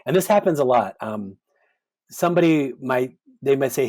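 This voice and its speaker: A man talking as a podcast guest in a relaxed interview, thoughtful and animated, often acting out the voices of people he quotes. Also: mid-range voice, moderate pace. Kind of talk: conversational interview.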